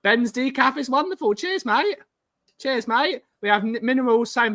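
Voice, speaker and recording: A man's voice: very high voice, sing-song, moderate pace, sharp tone. A man from Somerset co-hosting a podcast, bantering and reading out viewer comments. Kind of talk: casual chat.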